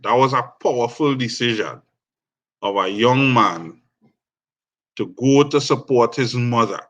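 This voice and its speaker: Slow-speaking Trinidadian man. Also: medium pitch, a bit bright. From Trinidad and Tobago. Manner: measured, reflective. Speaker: guest musician. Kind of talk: storytelling interview.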